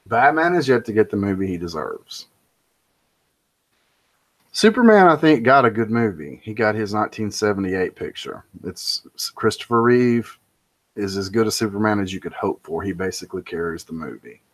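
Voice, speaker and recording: A man's voice: lowish voice, animated, normal speed. A man giving an opinionated, rambling monologue, emphatic and prone to ranting. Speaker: pop culture commentator.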